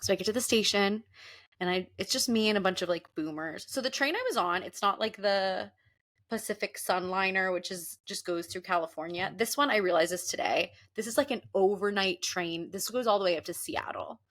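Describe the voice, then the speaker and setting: A young woman hosting a podcast, telling a story in a casual, animated way and acting out the people she quotes. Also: medium pitch, a little fast. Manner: animated, laughing, often acts out quoted people. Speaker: podcast host. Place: Los Angeles.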